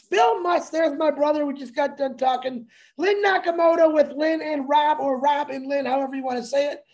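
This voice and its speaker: Excitable high-pitched male co-host, jokey hype man for a livestream. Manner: excitable, joking, shouts shout-outs to viewers. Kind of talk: energetic livestream banter.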